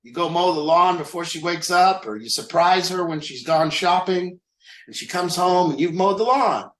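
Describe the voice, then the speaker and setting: A man's voice: high-pitched, normal speed, a bit bright, roomy sound, poor audio. Candid man leading a group talk. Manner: candid, self-mocking, rhetorical questions. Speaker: recovery group leader.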